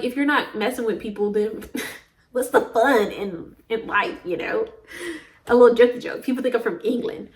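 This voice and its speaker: A young woman from the American South talks in a loose, chatty vlog monologue. Her voice sits high, and she rambles from one topic to the next with frequent laughs. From Southern United States. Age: young adult. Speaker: vlogger.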